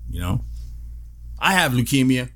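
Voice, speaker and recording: A man's voice: mid-range voice, unhurried. A man hosting his own show, giving a casual spoken update and telling a story with lots of swearing and laughter. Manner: animated storytelling, swears freely, laughs often. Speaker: show host. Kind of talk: casual video update monologue.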